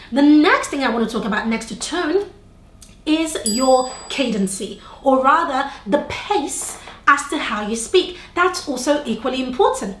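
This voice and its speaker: A woman's voice: high-pitched, expressive, unhurried, roomy sound, slight background noise. A young adult woman teaching on-camera tips to the viewer, shifting her tone and pace on purpose and checking in with questions. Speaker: video presentation coach. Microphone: camera facing speaker.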